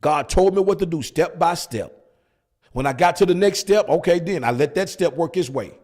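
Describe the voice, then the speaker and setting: A man's voice: on the high side, expressive, normal speed, a little mellow. A male pastor preaching at a Bible study, hammering points with repeated rhetorical questions. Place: church.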